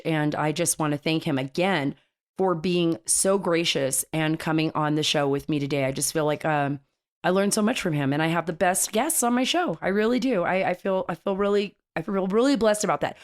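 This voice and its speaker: Chatty, enthusiastic woman talk host. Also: on the low side. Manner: enthusiastic, chatty, many restarts. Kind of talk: casual political radio commentary.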